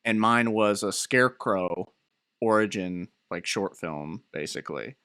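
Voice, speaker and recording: A young man in his twenties co-hosting a podcast, telling rambling, animated stories with fillers and laughs. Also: fairly low pitch, a little slow, clean tone, no echo, studio quality. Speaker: podcast co-host. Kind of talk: casual chat.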